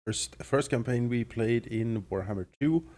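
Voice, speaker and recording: A man plays a co-op strategy game in an easy, chatty way, with a gravelly edge to his early-morning voice. He jokes along with his partner. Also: medium pitch, a little slow, darkish tone. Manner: laughs often, joking and chatty. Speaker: co-op game player. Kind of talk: casual gameplay chat.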